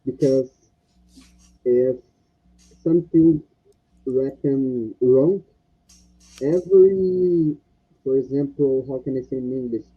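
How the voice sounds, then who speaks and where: A man's voice: mid-range voice, slow, long pauses, husky. A young Brazilian man with a Brazilian Portuguese accent, a native Portuguese speaker, talking hesitantly in an online English lesson over a video call. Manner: hesitant, searching for words. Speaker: English learner. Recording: tinny phone-like call audio.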